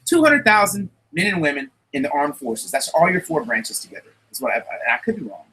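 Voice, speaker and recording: A man's voice: on the high side, very animated, fairly quick, pushed and bright, slightly rough, poor audio. A man, talking casually as a podcast host. He rambles emphatically and often restarts his sentences. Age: 30s. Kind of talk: casual chat.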